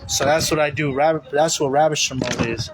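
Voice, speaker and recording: A man's voice: on the high side, fairly even intonation, moderate pace, low-quality recording. Rambling preacher man over traffic noise. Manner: rambling, repetitive, with many fillers. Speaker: religious teacher. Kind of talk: casual spoken sermon.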